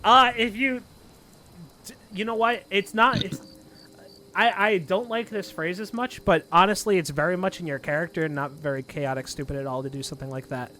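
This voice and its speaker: Bright-voiced rambling dungeon master. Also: male voice, high-pitched, brisk, a little hiss or hum. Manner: rambling, many fillers. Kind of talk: narrating a tabletop game.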